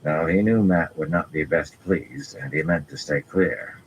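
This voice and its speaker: A man reading a fantasy novel aloud as an audiobook narrator, in a measured, even storytelling manner. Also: very deep voice, a little hiss or hum, rough recording.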